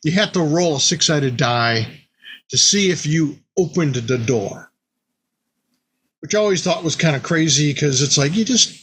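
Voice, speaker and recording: A man in casual storytelling mode, with a husky, slightly breathy voice pitched a little above the usual for a man. He tells the story in an animated way and drops into quick bits of the characters' voices as he goes. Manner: animated, acts out players and monsters in quick asides. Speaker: game designer telling a story.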